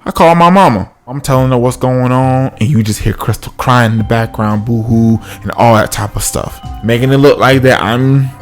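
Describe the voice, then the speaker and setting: A man's voice: medium pitch, fairly quick, few pauses, soft background music. A man casually telling a comic personal story, acting out the other people's voices.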